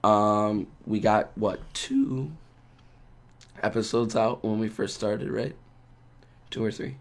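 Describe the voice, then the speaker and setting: A man co-hosting a casual podcast, hoarse and rough-voiced from being sick, rambling in a loose, joking way. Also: on the low side, steady tone, slow. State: hoarse from a cold. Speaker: podcast co-host.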